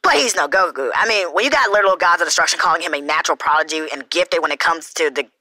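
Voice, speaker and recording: A woman's voice: fairly low pitch, quick pace, pushed and bright, no room sound, rough recording. A young woman hosting an unscripted response video, rambling and correcting herself as she talks. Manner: rambling, self-correcting, frequent laughs. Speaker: YouTube reaction host.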